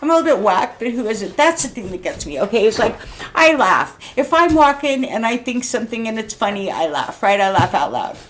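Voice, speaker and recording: Loud chatty woman vlogging. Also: on the high side, very animated, brisk, a little hiss or hum. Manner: loud, chatty, laughs often, rambling. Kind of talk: casual talking vlog.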